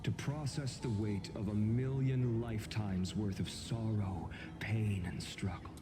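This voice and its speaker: An actor playing a weary young male hero in a video game, speaking in a solemn, hushed and resolute way. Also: fairly low pitch, fairly even intonation, unhurried, music in the background. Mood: grim resolve.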